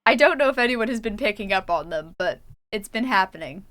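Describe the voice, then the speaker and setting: Canadian woman streamer, bright crisp voice, chatty and quick to laugh. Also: mid-range voice, lively intonation. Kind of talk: casual chat while gaming.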